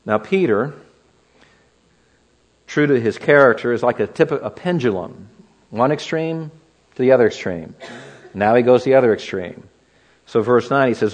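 A man's voice: mid-range voice, big pitch swings, moderate pace, long pauses. A man preaching an expository sermon, teaching verse by verse and asking the listeners rhetorical questions.

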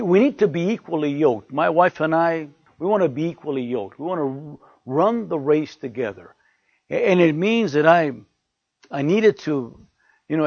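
An older male pastor preaches in a rather high, gravelly and husky voice, coming back to his points again and again. The recording is dry and a little muffled. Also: a little mellow, no room sound. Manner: anecdotal, repeats phrases for emphasis. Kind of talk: sermon to ministers.

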